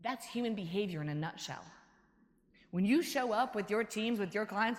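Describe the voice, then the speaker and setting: Animated woman giving a keynote in a hall. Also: mid-range voice, a little fast. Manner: animated storyteller who acts out quotes and laughs. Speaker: keynote speaker. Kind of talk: motivational keynote talk. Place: large conference hall. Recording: echoey hall reverb.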